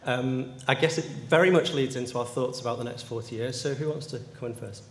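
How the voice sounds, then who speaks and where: Courteous man chairing a panel. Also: mid-range voice. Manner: measured, courteous, hesitant fillers. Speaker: moderator. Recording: echoey hall with faint room ambience.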